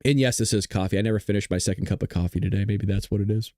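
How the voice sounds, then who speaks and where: A man's voice: fairly low pitch, steady tone, rapid-fire, heavy background noise. A male show host ranting to his live-stream viewers, frustrated and full of profanity, talking straight to his audience.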